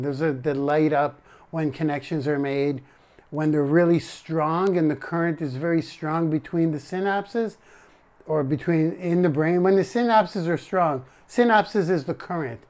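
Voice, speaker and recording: A man's voice: on the high side, darkish tone. A man live streaming a casual monologue, rambling and correcting himself as he talks to his chat.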